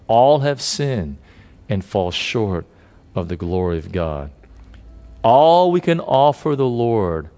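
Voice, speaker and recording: Male pastor, sermon delivery, dynamic, drops quiet then climbs high and loud. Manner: dynamic preaching, swinging from hushed to emphatic.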